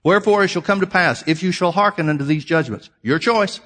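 A man's voice: high-pitched, fairly quick, a bit bright. A man preaching a sermon, reading scripture aloud and explaining it, emphatic and repeating key phrases for his listeners.

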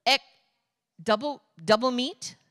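Woman imitating a calm, firm older pastor. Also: dry recording, studio quality, big-room sound. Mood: requesting. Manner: slow, low, few words.

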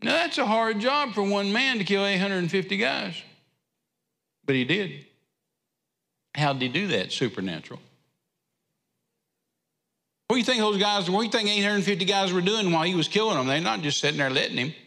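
A man preaches a sermon in a folksy, storytelling manner. His voice is high and bright. It carries a long reverb from a large hall. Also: animated, fairly quick, vocal fry, pauses often. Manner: folksy storytelling with drawled asides.

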